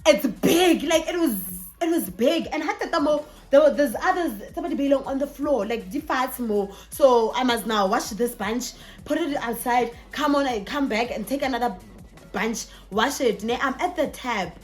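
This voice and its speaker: A woman's voice: high voice, normal speed. Chatty young South African woman storyteller. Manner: chatty, animated, mixing in Sesotho phrases. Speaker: vlogger. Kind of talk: storytime vlog. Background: faint background music.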